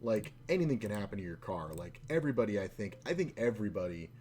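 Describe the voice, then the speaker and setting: A man with a lowish voice chats casually while he plays online poker on stream. He rambles, fills his talk with little fillers and swears freely. There is a faint background hiss under his voice. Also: big pitch swings, fast, a little mellow. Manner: profane, rambling, full of fillers.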